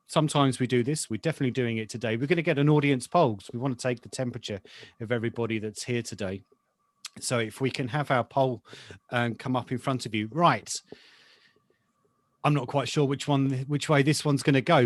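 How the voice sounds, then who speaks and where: A man's voice: lowish voice, dry recording. A man hosting a business webinar on a video call, chatty and loose, with frequent fillers. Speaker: webinar host, editor-in-chief.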